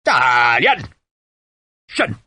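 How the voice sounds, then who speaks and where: A man voicing a rough, loud Irish army sergeant with a Donegal accent and a gruff bark. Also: on the low side, a little fast, dry recording. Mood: bellowing.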